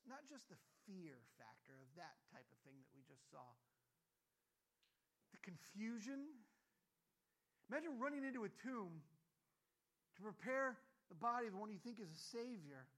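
A man preaching a sermon as pastor, telling a story in a conversational way with many asides and sudden loud exclamations. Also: high-pitched. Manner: animated, acts out scenes with sudden loud exclamations.

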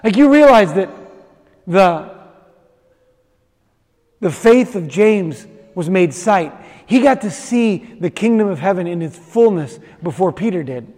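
A man's sermon comes through in a high-sitting, darkish voice that is expressive yet a little slow. The pastor acts out voices while retelling a story and then speaks to the congregation directly, with a big hall's long reverb trailing behind.

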